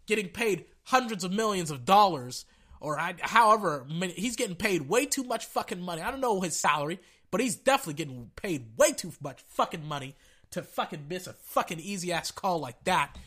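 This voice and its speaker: A man's voice: sits high, sharp tone. A man giving a profane, exasperated rant about football refereeing, reading out quotes and then venting. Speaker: sports commentator. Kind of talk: angry sports rant.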